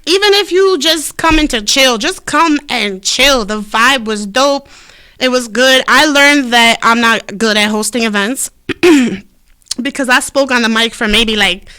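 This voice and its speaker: A woman hosting a casual podcast, high and a little out of breath, telling stories and acting out dialogue. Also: clear, resonant tone. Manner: loud laughing storyteller, acts out dialogue. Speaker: podcast host. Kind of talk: casual stoner chat.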